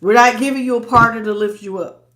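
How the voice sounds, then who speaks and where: A woman's voice: fairly high pitch, fast talker, fairly bright tone. Blunt, preachy woman doing a live tarot reading. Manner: blunt, preachy, slangy, greets chat viewers. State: stuffed up. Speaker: tarot reader.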